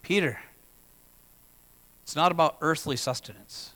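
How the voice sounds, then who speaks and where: Male pastor, high and tense-toned, conversational sermon delivery in a long-reverb sanctuary. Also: measured pace, fairly bright tone. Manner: conversational, asks the congregation questions.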